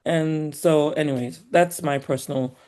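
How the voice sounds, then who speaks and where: Nigerian-accented woman guest, animated and emphatic, quick to laugh. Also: deep voice. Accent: Nigerian, polished by years in the US. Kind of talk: casual conversation.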